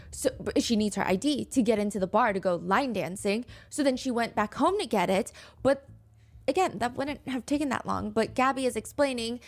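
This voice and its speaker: A woman hosting a true crime podcast, retelling a case in a chatty style full of "like" and asides. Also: a little high. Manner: chatty, filler-heavy retelling.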